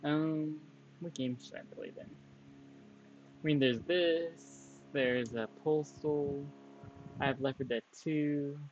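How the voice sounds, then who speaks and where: A man rambling offhand through casual gameplay commentary, his voice sitting a touch high. The audio is dull and lo-fi, with faint game music underneath. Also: steady tone, takes it slowly, darkish tone. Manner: rambling, offhand, chatting to himself. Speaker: streamer.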